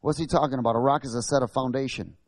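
A man preaching a sermon, asking the congregation questions and building to loud, emphatic bursts. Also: mid-range voice, fairly even intonation, racing, dry recording.

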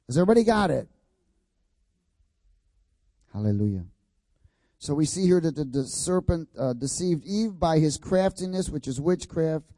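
Dark-voiced man preaching with call-and-response. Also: on the high side, dry recording. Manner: call-and-response, prompts congregation to repeat words; emphatic, repetitive preaching cadence. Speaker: pastor. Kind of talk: sermon.

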